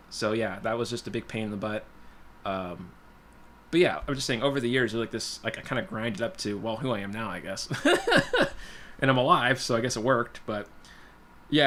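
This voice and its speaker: Fast-talking man rambling through a story. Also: on the low side, a bit bright, slight background noise. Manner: rambling, full of "you know" and "like"; blunt, plainspoken. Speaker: guitar livestream host. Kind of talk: casual personal storytelling.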